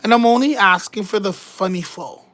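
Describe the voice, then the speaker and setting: A woman's voice: mid-range voice, moderate pace, a bit bright, rough recording. A woman, hosting a casual livestream and chatting in a giggly, rambling, joking way. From Canada. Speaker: livestream host.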